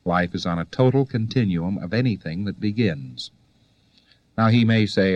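A man's voice: on the low side, lively intonation, normal speed, a little mellow, dry recording, dull audio. Wry male lecturer, dry sound. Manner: conversational, rhetorical questions, wry asides. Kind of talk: recorded lecture to students.

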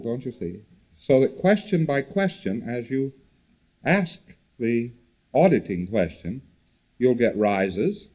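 Male lecturer, lively up-and-down delivery, conversational, repeats for emphasis, husky. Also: mid-range voice, slow pace, highs cut off. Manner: conversational, repetitive, animated emphasis. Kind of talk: recorded lecture to students.

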